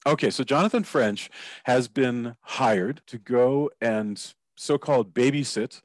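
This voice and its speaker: A man's voice: medium pitch, measured pace, no room sound. Chatty Texan man hosting an interview. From Texas. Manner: restarts sentences often, chatty. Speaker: podcast host. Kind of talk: casual interview.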